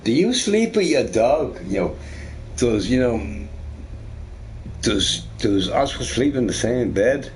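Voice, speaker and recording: A man's voice: mid-range voice, sing-song, takes it slowly, a little hiss or hum. A man streaming a game, chatting casually with viewers in a rambling, profane, joking way.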